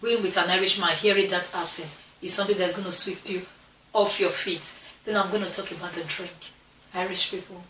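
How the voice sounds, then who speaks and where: A woman's voice: lowish voice, fairly bright tone, recorded from a distance, a little hiss or hum. A young adult woman chatting casually to camera for her channel, repeating herself and restarting phrases as she goes. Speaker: vlogger talking to her channel. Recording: roomy echo, a bit off-mic.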